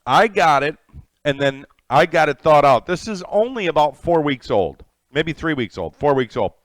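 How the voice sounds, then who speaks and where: A middle-aged man with a slightly high, sing-song voice hosts a live cooking stream from his home kitchen, chatting casually at normal speed while eating and greeting viewers by name. There's no room sound.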